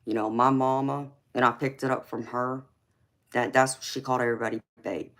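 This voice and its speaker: A woman's voice: rumbling low, level tone, fairly quick. A woman with a heavy Southern drawl, hosting a casual live stream and calling her viewers honey and sweetheart. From California, raised in Georgia. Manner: affectionate, calls viewers honey and babe. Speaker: tarot reader and livestream host.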